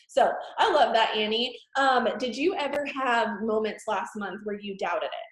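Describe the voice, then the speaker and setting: A woman's voice: on the high side, fairly quick, hardly any pauses, reverberant, low-quality recording. A woman hosting a motivational team call, effusive and emphatic as she cheers her team on.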